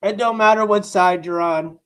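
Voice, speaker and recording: A man's voice: sits high, moderate pace, a bit bright, clean tone. A man hosting a live stream, talking casually and bluntly to his chat in rambling, profane rants. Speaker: livestream host reacting to news.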